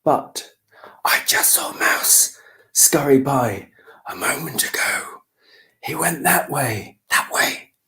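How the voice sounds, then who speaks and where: A man's voice: mid-range voice, big pitch swings, takes it slowly, fairly bright tone, exaggerated voice. A man voicing a helpful buzzing little fly in a children's storybook reading. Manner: buzzy, helpful.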